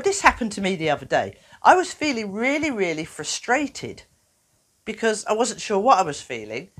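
A woman presenting an educational video for children, talking in a playful, animated way. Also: medium pitch. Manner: animated, playful, acts out little voices.

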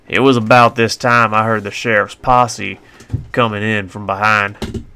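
A man's voice: fairly low pitch, flat delivery, unhurried, pushed and bright, a little hiss or hum. Folksy man narrating a western story. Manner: folksy, colloquial first-person telling.

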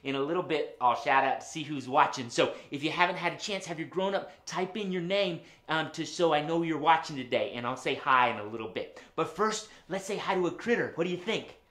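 A man hosting a children's puppet show, talking to the kids at home in an animated, sing-song way. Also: fairly high pitch, brisk, hardly any pauses. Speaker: children's entertainer host. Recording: roomy room echo.

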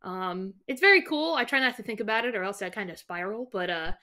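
A woman's voice: mid-range voice, expressive, fairly quick, pushed and bright. A young woman from the United States, a guest ukulele teacher, talking at length in a chatty, upbeat interview. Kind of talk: casual interview chat.

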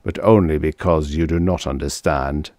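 Guy doing a wary russian inventor, thick accent, low and slow, dry sound. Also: fairly even intonation, darkish tone, no echo. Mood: guarded. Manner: slow, measured, guarded. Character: cautious Russian male scientist inventor.

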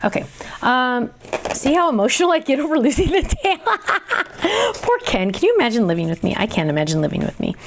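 A middle-aged woman hosting a craft tutorial, chatty and excitable, talking to herself as she works. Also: on the high side, fast, slight background noise. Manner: chatty and excitable, talks to herself while working. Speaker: crafting show host.

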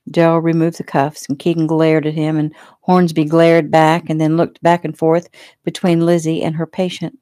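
Low-voiced woman reading her novel. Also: completely flat delivery, normal speed, mellow, dry recording. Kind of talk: casual audiobook reading.

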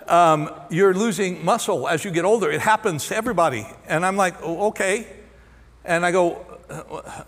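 Man in his sixties, pastor, storytelling sermon, candid and self-deprecating, high voice, long hall reverb. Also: normal speed, fairly bright tone. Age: 60s.

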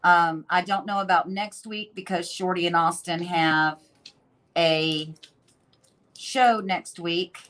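Brief: woman host, unhurried, chatty, thinks aloud while demonstrating glazes. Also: fairly low pitch, fairly even intonation, fairly bright tone. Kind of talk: casual demo narration.

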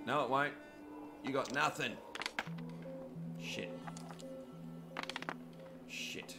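A man's voice: medium pitch, steady tone, drawn-out words, over music. An Australian man giving cheeky live commentary on a video game while joking with viewers by name. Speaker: gaming commentator.

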